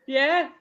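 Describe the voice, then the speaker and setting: A woman from Liverpool with a Liverpool accent, telling stories in casual chat on a live stream. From Liverpool, England. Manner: chatty storyteller, acts out quoted lines. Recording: dull lo-fi live stream audio.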